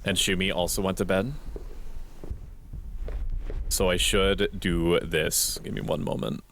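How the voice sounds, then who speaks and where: Very deep-voiced man talking quietly. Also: a little hiss or hum. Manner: quiet, deliberate monotone. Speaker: streamer. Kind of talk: casual gameplay commentary. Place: home at night.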